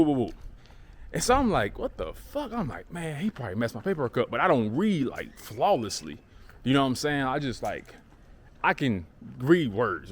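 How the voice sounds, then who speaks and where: A man's voice: mid-range voice, a little hiss or hum. A young man telling a story in a casual, slangy way, acting out the other people's voices. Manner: animated, acts out voices in quotes, slangy with frequent fillers. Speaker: vlogger.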